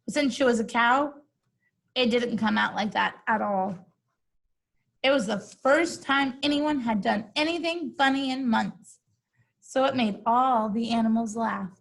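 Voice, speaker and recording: A woman reads a children's story aloud and keeps stopping for casual, amused remarks to her listeners. Her voice is slightly high and husky, and she takes her time with every phrase. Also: low-quality recording. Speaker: storybook reader. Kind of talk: reading a picture book aloud with chatty asides.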